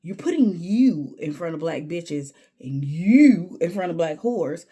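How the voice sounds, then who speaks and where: A woman's voice: on the low side, expressive, measured pace, few pauses, mellow, husky. A woman vlogger telling a candid story in an emphatic way, repeating words when she gets worked up.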